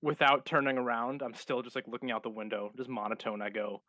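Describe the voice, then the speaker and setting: A man's voice: mid-range voice, fast talker, sharp tone, no room sound. A man playing a tabletop game, talking in a hesitant, rambling way. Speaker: player. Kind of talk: casual tabletop play.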